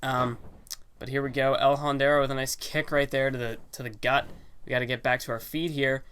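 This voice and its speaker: A man's voice: mid-range voice, level tone, brisk, a bit bright, clear, resonant tone. A young man giving casual, rambling commentary on a wrestling video game, full of fillers and self-corrections. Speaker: gaming channel host. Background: game music.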